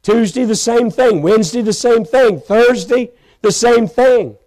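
A man preaching a sermon from a church pulpit, telling his own story with passion, breaking into shouts and slowing down to stress his points. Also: very high voice, low-quality recording. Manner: impassioned, bursts into shouts, slows for emphasis. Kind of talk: sermon testimony. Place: church pulpit, live stream.

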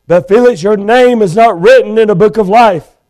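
A man's voice: high voice, normal speed, darkish tone, lightly acted. A male preacher voicing a stern judge on a throne, speaking in a grave, final way in a sermon.

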